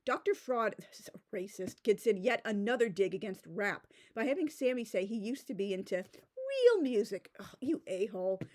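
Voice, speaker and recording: A woman's voice: medium pitch, big pitch swings, normal speed, darkish tone. A woman giving a casual, exasperated critique of a book, talking loosely with many fillers and restarts. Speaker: book reviewer.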